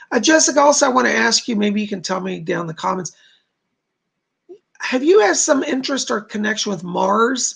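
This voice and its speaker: A man's voice: sits high, creaky, a bit bright, slightly rough. A man hosting a livestream, giving psychic readings to viewers, reassuring and chatty with many fillers. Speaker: psychic medium host.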